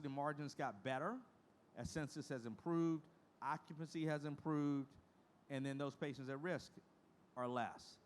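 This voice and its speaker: A man in his fifties addresses a conference audience from the stage, his voice sitting a little high for a man. He is frank and folksy, mixing hard numbers with heartfelt stories. Faint room ambience hangs under the speech. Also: slight background noise. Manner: frank, folksy, emotional storytelling. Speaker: association leader giving a presentation.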